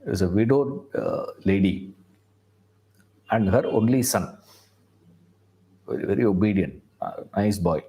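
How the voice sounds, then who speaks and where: A man's voice: fairly low pitch, lively intonation, measured pace, pauses often, mellow. A man, a spiritual teacher telling a story conversationally, often checking in with listeners. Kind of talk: storytelling talk.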